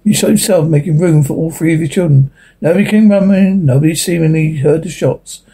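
A man reading a science fiction short story aloud as narrator in a steady storytelling manner. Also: fairly high pitch, a little fast, slightly rough.

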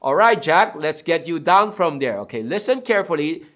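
A man voicing God as a calm, patient presence who gives reassuring instructions. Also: fairly high pitch, moderate pace.

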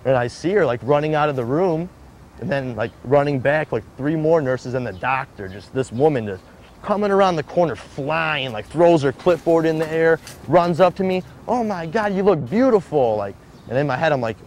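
A man's voice: on the high side, expressive, normal speed, slight background noise. A man in a casual interview, telling his own story in a rambling way, full of fillers and acted-out quotes. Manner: rambling, filler-heavy, acts out quoted voices. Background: background music.

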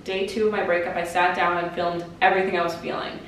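A woman's voice: fairly low pitch, flat delivery, quick pace, a bit bright, a little hiss or hum. 20s woman vlogging about heartbreak, says like a lot, swears, kinda far from the camera mic, really echoey room. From Canada. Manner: emotional, confiding, swears casually and says "like" often. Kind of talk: candid advice vlog. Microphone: compact camera mic.

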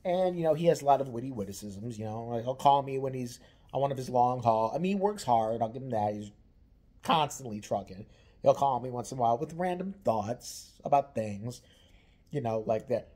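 A man's voice: mid-range voice, lively intonation, a little fast, warm tone. Profane, rambling man in his forties. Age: 40s. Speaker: vlogger. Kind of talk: casual storytelling to camera.

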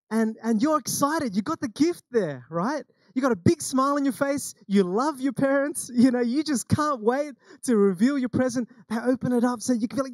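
A man's voice: very high voice, animated, brisk, no echo. An Australian man preaching a sermon as senior pastor, telling stories in a conversational way and acting out the quoted lines. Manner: conversational storytelling with acted quotes.

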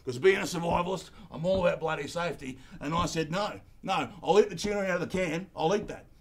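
A man improvising a crude, rambling Australian survivalist and war veteran for a comedy sketch. He speaks in a high, gravelly, husky voice. His long anecdotes wander and are full of slang. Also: fast.

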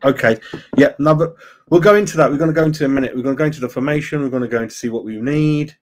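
A man's voice: medium pitch, very fast. A man hosting a casual fan live stream, chatting loosely, greeting viewers by name and saying "mate" a lot. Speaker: fan channel host.

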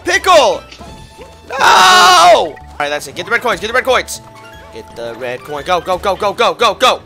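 A man with a high, wildly swinging voice hosts a multiplayer gaming session, yelling and protesting at his teammates. Game music plays clearly behind him. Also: very animated, fairly quick. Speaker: let's play host.

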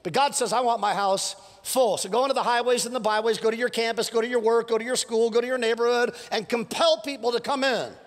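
Slightly hoarse guy preaching, animated and joking, high pitched, big echoey church hall. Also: fast talker, few pauses. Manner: animated, storytelling with playful asides and rising exhortations. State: hoarse from preaching several services. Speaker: pastor. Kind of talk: sermon. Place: church sanctuary. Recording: long church hall reverb.

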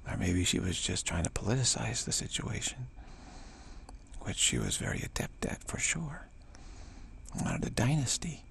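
A man telling spiritual stories in a meandering, conversational way, with a gravelly, husky voice. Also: on the low side, huge pitch swings, normal speed, fairly bright tone. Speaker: spiritual teacher. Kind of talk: casual spiritual storytelling.

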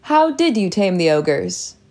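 A woman's voice: on the low side, very animated, slow pace, a little mellow. A woman reading as an earnest young prince.

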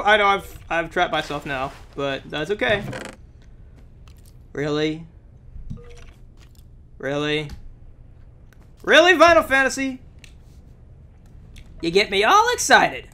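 Young guy playing a game, kinda sick w a sore throat, high bouncy voice, slow talker who yells at stuff. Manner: excitable, exclamatory, talks to the game. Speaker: gameplay commentator. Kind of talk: let's play commentary.

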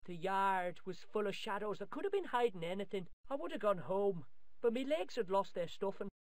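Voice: medium pitch, sing-song, a little fast, dry recording, natural voice. Actor voicing a brash Irish street kid. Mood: spooky storytelling. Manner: brash, boastful, tall-tale telling. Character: cheeky young Irish boy, mouthy and streetwise.

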